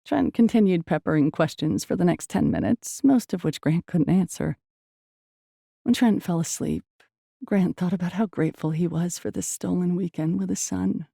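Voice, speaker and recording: A woman reading a romance novel aloud in an even, measured storytelling manner. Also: lowish voice, gravelly, no room sound, clean studio sound. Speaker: audiobook narrator. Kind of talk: scripted narration.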